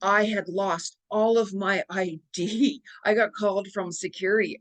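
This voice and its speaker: Speaking to camera at a moderate pace in a mid-range voice, a middle-aged woman plays a psychic offering astrology advice. She's chatty and animated, acting out quoted reactions with big leaps in her voice.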